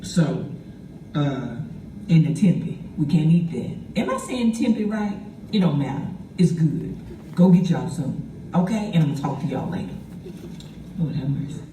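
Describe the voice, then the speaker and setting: A woman filming herself in her car, reviewing a sandwich with exuberant, drawn-out, gospel-style exclamations, speaking with her mouth full at times. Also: low-pitched, big pitch swings, dark tone, slight background noise. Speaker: food video creator. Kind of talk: casual selfie food review. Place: in a car, clip replayed in a meeting hall. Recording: video played over hall speakers, echoey from far off.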